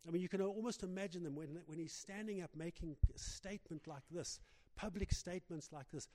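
A man delivers a sermon with a fairly high yet dark, mellow voice. He stumbles and restarts often as he goes. His words ring out with a long reverb from a large hall. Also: slight background noise. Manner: halting, many restarts and fillers. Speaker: preacher.

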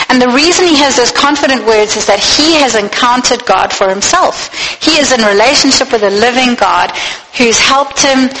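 A woman preaching a sermon in an earnest, searching way, putting direct questions to her listeners. Her voice sits a little high and sounds bright and forceful, and it rings out with a long reverb trailing behind it. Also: a little hiss or hum.

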